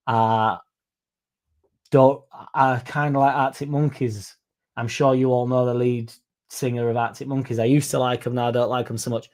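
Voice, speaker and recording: Reading chat messages aloud on his laid-back livestream podcast, this young host with a Yorkshire accent rambles and curses without restraint. His mid-range voice has a slightly mellow quality.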